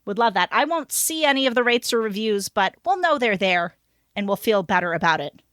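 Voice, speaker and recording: A woman co-hosting a podcast, reading funny stories aloud in an animated, giggly way. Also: medium pitch, fairly quick, dry recording, studio quality. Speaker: podcast co-host.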